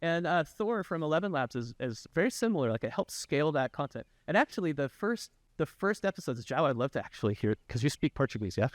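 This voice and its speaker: A man's voice: fairly high pitch, fast, few pauses, no echo. A man who is a developer educator, guest on a tech podcast, chatting casually and enthusiastically and often tagging his points with "right?". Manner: animated, many restarts and "right?" tags.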